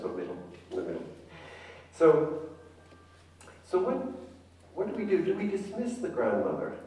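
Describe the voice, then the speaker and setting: A man's voice: fairly high pitch, a little mellow. A man giving a conference talk as a family therapist, engaging the audience with questions. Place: conference hall. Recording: echoey hall from far off.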